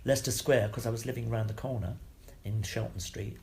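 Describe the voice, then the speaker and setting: An older man, a guest actor, telling anecdotes in an interview, lively, swearing freely and laughing between stories. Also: on the low side, fairly quick, vocal fry, a little hiss or hum.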